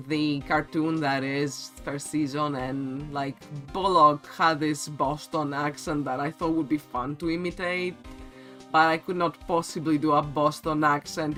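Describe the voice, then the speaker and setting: A man's voice: fairly high pitch, pushed and bright. A man streaming a game and chatting casually with his viewers in a playful, giggly way.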